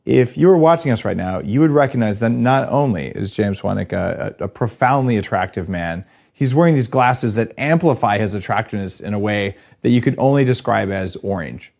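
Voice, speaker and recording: A man hosts a relaxed podcast chat with dry humor. His voice sits a little low, and he often restarts his sentences before getting going. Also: a little fast, creaky. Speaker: podcast host. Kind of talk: casual podcast conversation.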